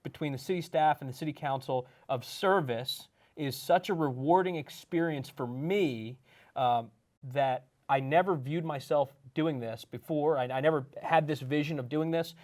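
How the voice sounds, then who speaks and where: A man's voice: medium pitch, moderate pace, a little mellow. Earnest mayor man in interview. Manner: earnest, explanatory, acts out quoted chats. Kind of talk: studio interview answers.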